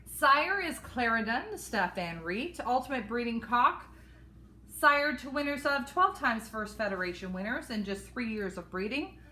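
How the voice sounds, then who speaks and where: Woman with a bright, slightly high voice rattling off pedigree details at a live auction. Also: lively intonation. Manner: brisk listing of pedigrees. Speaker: auction co-host.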